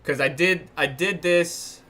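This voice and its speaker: This New York livestream host has a voice on the high side, pushed and bright, and he speaks at a slow pace. Casually thinking aloud, he browses charts and keeps an eye on chat.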